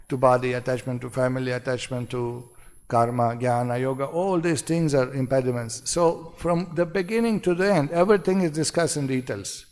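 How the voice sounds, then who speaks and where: Gravelly-voiced man lecturing in a hall. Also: mid-range voice, a little mellow. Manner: asks the audience rhetorical questions; short repeated phrases. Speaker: seminar speaker. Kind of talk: devotional seminar lecture. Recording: long hall reverb.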